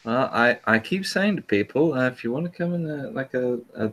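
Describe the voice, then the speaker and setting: A man's voice: medium pitch, expressive, brisk, a bit bright. Guy on a stream chat, voice bounces up and down, lots of uh and um. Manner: hesitant, repeats filler words. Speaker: livestream guest. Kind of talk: casual group chat.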